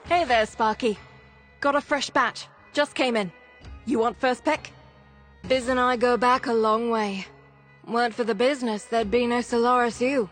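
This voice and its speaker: An actress playing a gruff, seasoned woman who leads a workers' union in a video game; she talks in blunt, clipped, weary lines. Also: on the high side, fairly even intonation, moderate pace, faint music behind, natural voice. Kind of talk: video game character dialogue.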